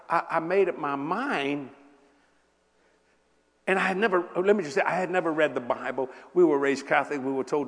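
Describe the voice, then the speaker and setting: A man in his seventies preaching a sermon to a congregation, telling humorous stories with lively asides to the people in front of him. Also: fairly high pitch. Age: 70s. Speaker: pastor. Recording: long hall reverb.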